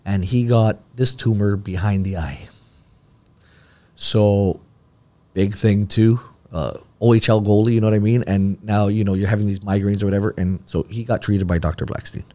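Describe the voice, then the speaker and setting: A man's voice: fairly low pitch, steady tone, moderate pace, warm tone. A man, a podcast guest telling a long personal story in casual talk and acting out the dialogue.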